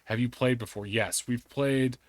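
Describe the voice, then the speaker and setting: A man's voice: mid-range voice, steady tone, normal speed, dry recording. A man hosting a live game stream, chatting and joking with friends and viewers. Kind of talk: casual live-stream chat.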